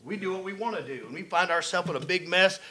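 A middle-aged man preaching a sermon, folksy and animated, swinging between loud and quiet. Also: high-pitched, fast talker. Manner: folksy, animated preaching with rising and falling volume.

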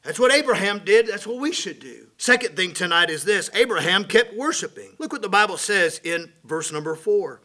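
A middle-aged man preaching a sermon, folksy and animated, swinging between loud and quiet. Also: sits high, moderate pace, few pauses. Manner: folksy, animated preaching with rising and falling volume.

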